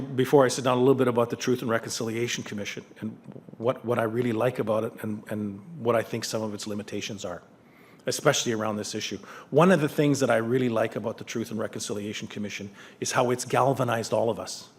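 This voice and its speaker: A middle-aged man speaks to a lecture audience in an earnest, conversational tone at an ordinary male pitch. He talks frankly and mixes reflection with storytelling. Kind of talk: public lecture with anecdotes.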